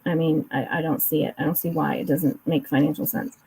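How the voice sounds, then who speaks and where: A woman with a lower, husky voice talks casually over a remote call. Her tone is mellow and soft-edged. She explains finance at length, full of restarts and fillers. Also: steady tone, a little fast, poor audio. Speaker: co-host discussing a court case.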